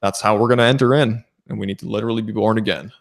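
Low-voiced man in eager Bible chat. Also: steady tone, rapid-fire. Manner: affirming, addresses listeners as brothers and sisters. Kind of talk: casual scripture discussion.

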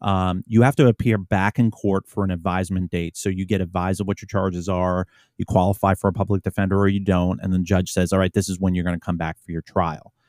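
Low-voiced man telling a cop story. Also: little pitch movement, fast, darkish tone, no echo, clean studio sound. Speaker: police officer podcast host. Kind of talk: casual storytelling.

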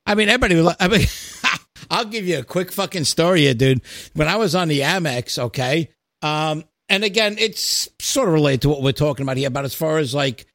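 Telling a story in casual, profane chat packed with fillers, a podcast host in his fifties speaks fairly quickly with lively intonation. His voice sits fairly high and a bit bright, and the recording is close and dry with no echo.

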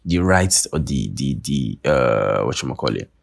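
A young man with a Nigerian accent rants on his podcast, profane and sarcastic. His voice sits very low with a gravelly fry, and it comes through husky. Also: animated, normal speed. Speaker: podcast host. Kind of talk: casual monologue.

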